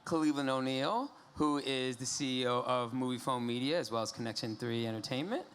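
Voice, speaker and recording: A man moderating a conference panel on stage, joking and relaxed with many fillers. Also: mid-range voice, brisk, a little hiss or hum.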